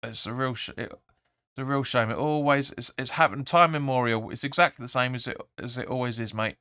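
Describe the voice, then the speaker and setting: A man hosting a live football watch-along, rambling through the play and sometimes shouting at the players. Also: mid-range voice, fairly quick, clear, resonant tone, no echo, clean studio sound. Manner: rambling, restarts often, erupts when urging players. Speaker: fan channel host.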